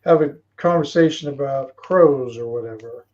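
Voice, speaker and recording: A man voicing a gruff, plain-spoken grown man who sizes up travelers, in a tabletop game. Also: mid-range voice, normal speed, darkish tone, highs cut off, natural voice.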